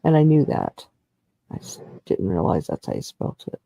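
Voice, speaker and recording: A man's voice: fairly high pitch, big pitch swings, normal speed, vocal fry, warm tone, no room sound. A man co-hosting a casual chat, talking in a chatty way with fillers. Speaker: livestream co-host.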